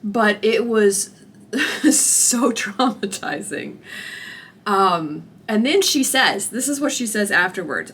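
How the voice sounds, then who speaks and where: Bright-voiced young woman telling a story. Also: mid-range voice, takes it slowly, slight background noise. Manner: animated, expressive retelling with acted-out quotes and laughter. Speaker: vlogger. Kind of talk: candid storytelling to camera.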